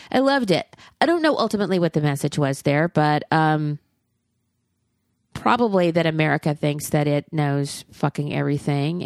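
A woman's voice: low-pitched, gravelly, a little mellow, no echo, clean studio sound. A middle-aged woman in casual chat, giving candid, profane opinions on films with frequent restarts. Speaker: podcast co-host reviewing films.

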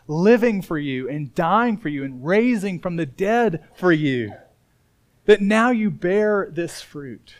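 A middle-aged man from Indiana preaching a sermon as pastor, telling a personal story with loud emphatic moments and quiet earnest asides. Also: high voice.

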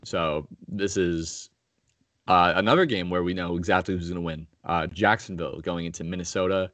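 A man with a very low voice hosts a sports betting podcast. He talks bluntly and swears freely while making his picks. The recording is dry, with no room sound. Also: steady tone, moderate pace, a bit bright, dry recording. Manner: blunt, profane, opinionated. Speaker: podcast host. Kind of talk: casual sports betting chat.

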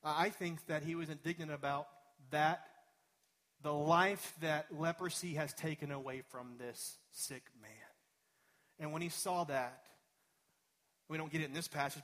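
Preaching man, higher-pitched voice. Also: a bit bright. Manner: conversational preaching, building to emphatic peaks. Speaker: pastor. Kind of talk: sermon.

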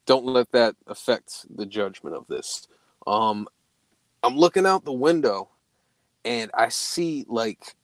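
A young man casually telling a spooky story, swearing a lot and jumping to a high voice when he quotes himself. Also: dry recording. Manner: profane, animated, voice jumps high when quoting himself.

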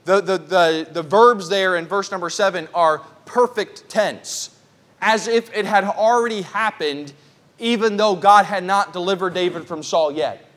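A man with a high voice preaches a sermon at a church prayer service. He teaches in a plain, conversational way and drives his points home by repeating them with earnest emphasis. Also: measured pace, a bit bright. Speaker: pastor.

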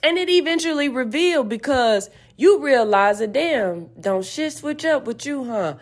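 Woman host, high voice, fiery preachy rant full of swearing. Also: animated, measured pace. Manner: profane, fiery, preachy and emphatic. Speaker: podcast host. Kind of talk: emphatic spiritual rant.

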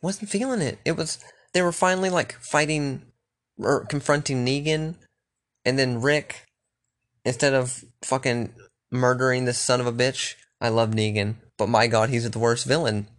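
Young man, casual rambling chat, profane, loose, restarts sentences, mid pitch. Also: normal speed, a bit bright.

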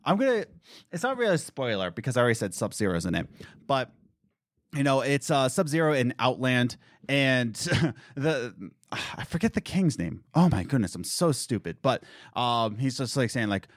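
Male co-host, casual rambling movie talk, very expressive pitch, dry mic. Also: normal speed, no echo. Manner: animated, rambling, laughs at himself. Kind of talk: casual chat.

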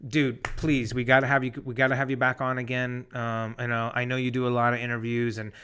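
Bright-toned man hosting a podcast. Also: mid-range voice, level tone, brisk, a little hiss or hum. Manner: rambling, repeats himself with "you know" and "man". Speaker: podcast host. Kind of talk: casual chat.

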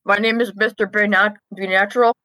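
A woman chatting offhand on a podcast, full of ums and small restarts as she reviews videos. Her voice sits at an ordinary middle pitch and sounds dry and close, with no room around it, coming through a remote call. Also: steady tone, fairly quick, pushed and bright, no room sound, poor audio. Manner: offhand, talks while chewing, with frequent ums and restarts. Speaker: podcast co-host. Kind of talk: casual review chat.

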